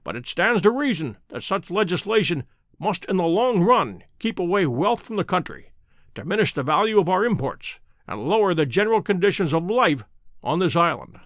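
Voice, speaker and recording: A man voicing a keen, self-assured detective who speaks crisply and precisely, in a dry close recording. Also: high-pitched, sing-song, moderate pace, a bit bright, no room sound, heavily acted. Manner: crisp, precise and pleased with himself.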